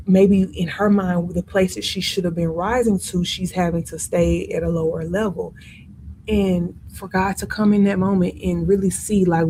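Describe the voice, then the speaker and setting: A woman teaching an informal Bible study in a conversational, animated way with features, acting out the lines she quotes. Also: on the low side, a little hiss or hum, rough recording.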